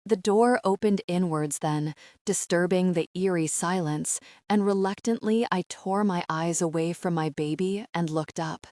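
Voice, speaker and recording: A woman narrating an audiobook in a slow, sorrowful, measured reading. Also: lowish voice, darkish tone, dry recording, clean studio sound.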